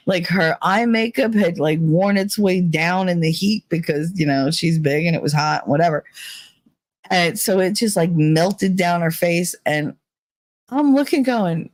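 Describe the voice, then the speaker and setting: A woman hosting a podcast, telling a gossipy story in a casual, profane way, laughing often and jumping up in pitch for punchlines. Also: no room sound. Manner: animated, jumps up in pitch for punchlines. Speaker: podcast host.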